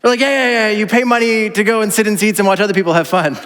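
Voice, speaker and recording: A man in his thirties preaches in a loose, joking, conversational way, slipping into little voices for the people he quotes. His voice sits high for a man. The sound carries the long reverb of a large church hall. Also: fast, fairly bright tone, clear, resonant tone. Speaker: pastor. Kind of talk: casual conversational sermon.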